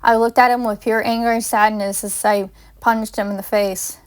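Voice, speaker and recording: A woman's voice: fairly high pitch, little pitch movement, moderate pace. A woman reading her own first-person fan story aloud, with small slips and restarts. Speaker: fanfiction reader.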